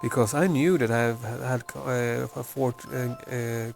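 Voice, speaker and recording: A man from Chile telling a personal story with many pauses, fillers and restarts. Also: medium pitch, steady tone, creaky, faint music behind. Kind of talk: personal story told to camera.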